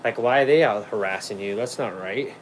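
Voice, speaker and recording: A man's voice: lowish voice, fairly quick, a little hiss or hum, rough recording. A man hosting a casual livestream, rambling through hunting stories, swearing freely and laughing often while he reads chat. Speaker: livestream host.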